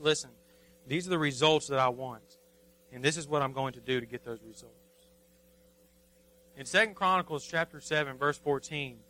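A man, preaching a sermon as a pastor, pleading and impassioned, rising to near shouting. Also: fairly high pitch, poor audio.

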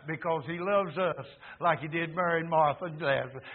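A man in his seventies preaching a sermon, emphatic, dropping to low murmurs and rising to loud fervent peaks. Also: brisk. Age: 70s. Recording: tinny phone-like recording.

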